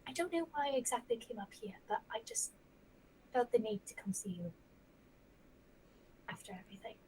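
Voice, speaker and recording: A woman playing a shy, gentle young adventurer, soft and hesitant. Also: fairly high pitch, normal speed, a little hiss or hum, close to an everyday voice, low-quality recording. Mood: tender. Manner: soft, hesitant, half-whispered.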